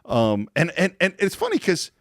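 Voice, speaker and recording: Lively man hosting a movie podcast. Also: fairly high pitch, moderate pace, no room sound, clean studio sound. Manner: animated, laughs, acts out scenes. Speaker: podcast host. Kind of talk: casual film discussion.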